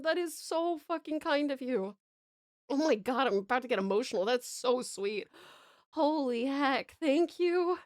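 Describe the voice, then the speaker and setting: A woman's voice: very high-pitched, no room sound, clean studio sound. A woman, chatting on a live stream, gushing thanks with lots of swearing and restarts. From Tasmania, Australia.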